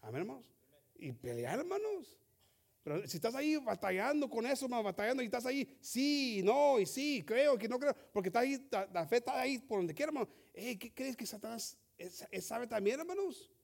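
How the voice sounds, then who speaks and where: Male preacher with a high, ringing voice; passionate, halting delivery full of restarts. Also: sing-song, gravelly. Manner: fervent preaching with many restarts and repeated words; builds from quiet scripture reading to loud emphatic exhortation. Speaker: pastor. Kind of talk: sermon.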